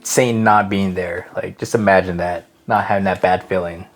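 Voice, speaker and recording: A man co-hosting a casual faith podcast, telling stories in an animated, slangy way and laughing easily. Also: sits low, moderate pace, faint music behind. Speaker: podcast co-host. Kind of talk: casual religious discussion.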